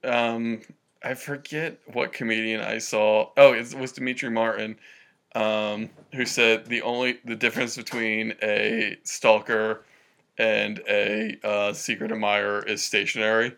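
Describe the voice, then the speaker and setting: A podcast co-host with a gravelly, fry-heavy voice at a middling pitch. They drop dry jokey asides into casual chat and laugh often. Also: little pitch movement, unhurried, a bit bright.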